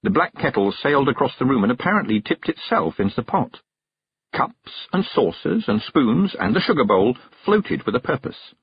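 A man narrating an audiobook in a measured storytelling manner. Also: medium pitch, sing-song, slightly rough, no room sound. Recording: dull, dry narration recording.

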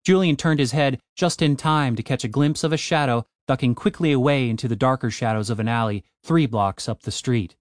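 A man narrating a comic fantasy audiobook in an expressive, wry way. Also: mid-range voice, fairly quick, hardly any pauses, no room sound, clean studio sound.

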